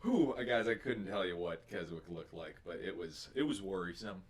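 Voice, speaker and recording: A man's voice: low voice, animated, normal speed. A young man co-hosting a podcast, talking in an earnest, encouraging way and sometimes reading scripture. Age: young adult. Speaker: podcast co-host.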